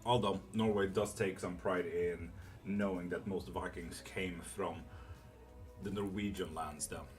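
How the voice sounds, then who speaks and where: Low-voiced man chatting on a live stream. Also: steady tone, measured pace, faint music behind. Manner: rambling, chatty, swears casually, many fillers. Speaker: tarot reader streaming live. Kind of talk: casual live-stream chat reading comments.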